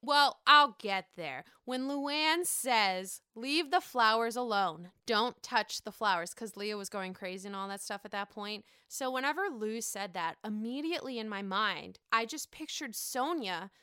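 Woman recap host, gossipy and animated, with a slightly high voice. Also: measured pace, few pauses, smooth, no room sound, studio quality. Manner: gossipy, animated, mocks quotes in put-on voices. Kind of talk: casual recap commentary.

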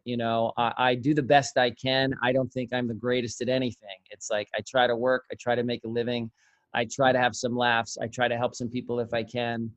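A middle-aged man chatting casually as a host, rambling and animated, swearing freely and mimicking other people's voices. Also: medium pitch. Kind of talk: casual chat.

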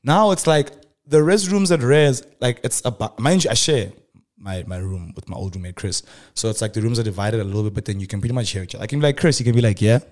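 A young man hosting his show, telling a comic personal story and acting out the dialogue with sudden loud, high bursts. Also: animated, fast talker. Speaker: host.

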